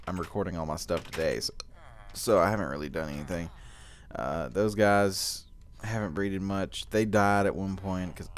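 A man's voice: deep voice, slight background noise. A teenage boy with the hiccups hosts a casual gaming commentary, groaning and complaining as he plays. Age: teens. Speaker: gaming channel host.

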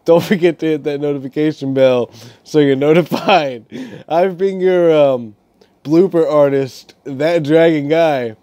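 A man's voice: a little high, a little slow, dark tone, dry recording. A young man telling rambling stories in a casual, swearing vlog rant, laughing as he goes. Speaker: gaming YouTuber.

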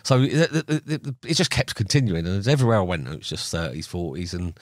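A man's voice: low-pitched, big pitch swings, fast, no echo, clean studio sound. A middle-aged man, a podcast guest, telling angling stories casually and acting out the other people in them with laughs. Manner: chatty, acts out quoted dialogue with laughs. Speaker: podcast guest, carp angler. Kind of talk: casual storytelling.

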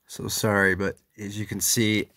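A man's voice: on the low side, little pitch movement, unhurried, bright, forceful tone. A man chatting casually as he reviews comics, reading their dialogue aloud with running remarks.

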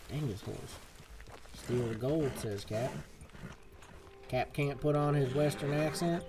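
A man's voice: mid-range voice, slow pace, long pauses. A young man casually commenting on a game he is playing live, joking in a put-on folksy cowboy drawl. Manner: jokey, fake folksy cowboy talk. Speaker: gaming streamer. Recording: game music playing underneath.

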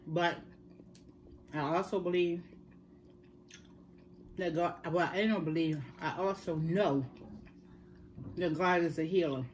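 A woman's voice: fairly low pitch, fairly even intonation, slow, pauses often, slight background noise. A middle-aged woman chatting earnestly to her viewers about her health. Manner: chatty, earnest storytelling, addresses viewers as y'all. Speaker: mukbang vlogger. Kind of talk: casual chat to viewers.

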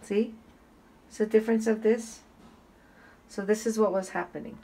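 A woman's voice: mid-range voice, fairly even intonation, moderate pace, low-quality recording. A woman vlogger telling a rambling personal story in a casual, chatty way, full of fillers and restarts. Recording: faint background water noise. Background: loud waterfall noise.

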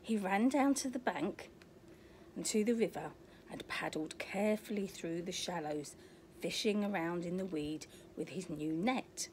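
An older woman reading a children's picture book aloud, pausing to point at pictures and ask the child questions. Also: fairly low pitch, a little mellow, slight background noise. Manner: asks the young listener questions, points at pictures. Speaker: storyteller.

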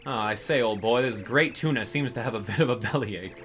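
A man's voice: mid-range voice, a little fast, fairly bright tone, faint music behind, lightly acted. A man voicing a pompous male explorer who speaks in a stuffy, old-fashioned way.

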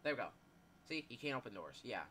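A man's voice: mid-range voice, sing-song, fast talker, bright, forceful tone, husky. A man giving live gameplay commentary, panicking, yelping and swearing at the game, then rambling with lots of fillers. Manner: rambling with many fillers and restarts. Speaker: gaming YouTuber.

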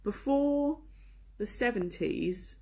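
A woman's voice: on the high side, expressive, takes it slowly, a little mellow, slightly rough. A young woman giving a chatty culture lesson, with lots of ums and ahs. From England. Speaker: presenter. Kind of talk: casual lesson on English culture.

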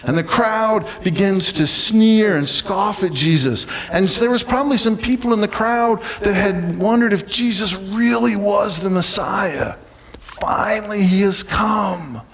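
A man preaching a sermon in a church, lively and dramatic, sometimes acting out the voices of a crowd. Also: sits high, a little slow, hardly any pauses, long reverb tail. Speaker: pastor. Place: church sanctuary.

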